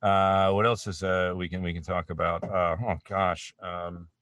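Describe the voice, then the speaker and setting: A Canadian man with a low, deep voice talks casually as an interview guest. He rambles and pokes fun at himself, often restarting his sentences. The sound is dry and slightly off-mic, from a small home studio. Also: flat delivery, unhurried, fairly bright tone, dry recording, far from the mic. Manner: rambling and self-deprecating, many restarts. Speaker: voice actor guest.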